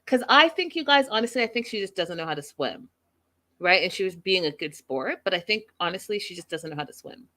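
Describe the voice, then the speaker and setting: A woman's voice: lowish voice, a little fast. Chatty woman host gossiping through a recap. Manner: chatty, gossipy, animated storytelling. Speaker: show host. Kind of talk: casual reality-show recap.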